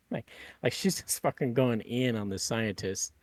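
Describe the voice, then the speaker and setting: A man's voice: mid-range voice, lively intonation, unhurried, no room sound. A man hosting a podcast, chatting casually in a rambling way with lots of fillers and swearing. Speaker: podcast host.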